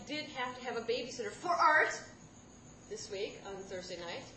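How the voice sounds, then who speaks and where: A woman in her thirties telling a comic personal story to a live audience, rambling and self-deprecating, with sudden loud outbursts. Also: a little high, animated, moderate pace. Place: stage in a room with a live audience. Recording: roomy live room with background noise.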